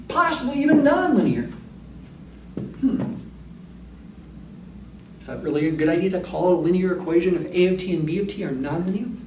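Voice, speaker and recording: A man's voice: high-pitched, a little mellow, recorded from a distance, slight background noise. A man lecturing on mathematics, explaining step by step and thinking aloud with asides. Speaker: math lecturer. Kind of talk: recorded university lecture. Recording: echoey room, voice a little off-mic.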